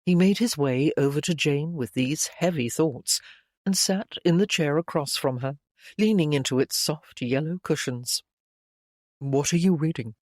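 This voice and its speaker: Audiobook narrator, measured, gentle, mid pitch, dry close recording. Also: lively intonation, no room sound. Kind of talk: audiobook narration of a romance novel.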